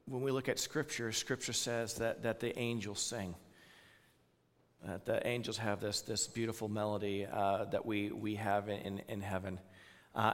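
Southern pastor in a reverberant church. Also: male voice, on the low side. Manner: conversational, many fillers, asks the congregation questions. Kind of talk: informal sermon to a congregation.

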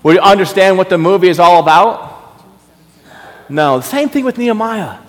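Male pastor, fervent sermon delivery with repeated questions, higher voice, echoing church hall. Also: expressive, normal speed. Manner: impassioned, repeats rhetorical questions. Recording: reverberant hall.

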